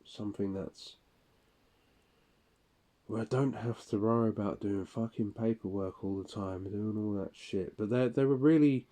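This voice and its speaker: A man's voice: fairly low pitch, a little slow, dark tone. A man speaking a casual monologue for his audio log, rambling, profane and weary.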